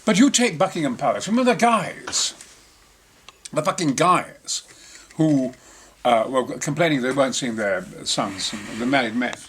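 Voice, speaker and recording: A man's voice: mid-range voice, animated, moderate pace, fairly bright tone, slight background noise. A man telling boisterous, sweary anecdotes in casual behind-the-scenes chat. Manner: boisterous, sweary, theatrical storytelling.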